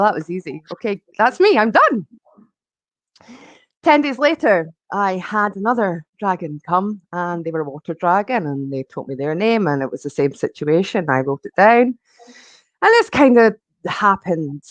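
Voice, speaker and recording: A woman's voice: medium pitch, no room sound, rough recording. Chatty woman telling her story, dry close sound. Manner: chatty, loose, lots of ums and likes. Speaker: guest. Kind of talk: personal storytelling in conversation.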